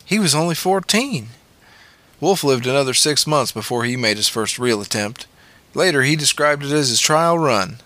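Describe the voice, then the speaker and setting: Bright-voiced male audiobook narrator. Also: mid-range voice, moderate pace, no room sound.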